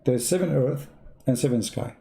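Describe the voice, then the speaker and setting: A man's voice: medium pitch, normal speed, creaky, mellow. A man giving sarcastic commentary in broken English, mocking and teasing. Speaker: online religious debater.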